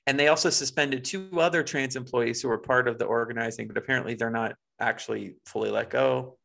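Gravelly man in casual podcast chat. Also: medium pitch, steady tone, fairly quick, fairly bright tone. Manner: reads quotes aloud, wry and blunt. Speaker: podcast co-host.

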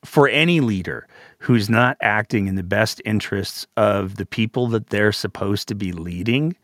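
A man with a somewhat low voice hosts a political podcast, talking casually. He tends to ramble and circle back. The recording is dry and close. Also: moderate pace, a bit bright, dry recording. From Alberta, Canada. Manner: rambling, with fillers and restarts. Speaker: podcast host.

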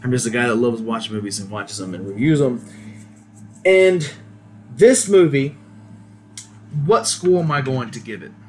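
A man's voice: medium pitch, moderate pace, long pauses, a little mellow, a little hiss or hum. A man hosting a podcast, giving a casual, rambling solo movie review with many hesitations. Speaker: podcast host.

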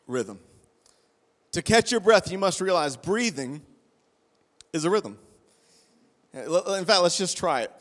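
A man preaching a sermon as pastor, impassioned and rhythmic, repeating phrases and restarting lines. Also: medium pitch. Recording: long reverb of a large hall.

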